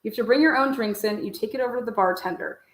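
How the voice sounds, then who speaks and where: A woman telling a story casually in an interview, blunt and animated, swearing freely. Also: fairly high pitch, very fast, roomy sound.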